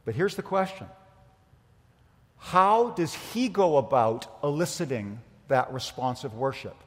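A man preaching a sermon as pastor, emphatic, with rhetorical questions and swings from loud to quiet. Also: medium pitch, expressive, a little slow. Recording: long hall reverb.

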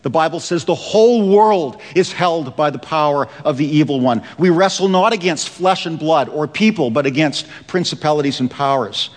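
A man preaching a sermon. He slows down and drops his voice low for emphasis. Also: long reverb tail. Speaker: pastor.

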